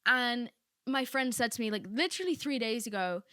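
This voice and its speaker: A young woman talks through a solo podcast episode in a loose, candid ramble, full of filler asides. Her tone is bright and lively. The recording is dry and close, with no room around her. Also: fairly high pitch, a little fast, clear, resonant tone, no room sound. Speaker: podcast host. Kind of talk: casual solo podcast monologue.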